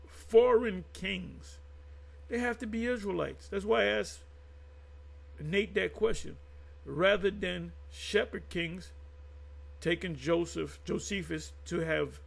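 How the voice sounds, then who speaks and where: A man hosting his own channel, giving casual unscripted commentary on Bible history. He reads sources aloud and talks in a rambling, halting way, with restarts, asides and emphatic direct address to his viewers. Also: high voice, vocal fry.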